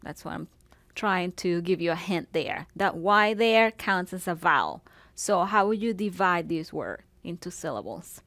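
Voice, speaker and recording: A woman teaching a recorded Spanish lesson, pronouncing words slowly and patiently and walking through them syllable by syllable. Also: lowish voice, lively intonation, a bit bright, no room sound. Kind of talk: recorded classroom video lesson.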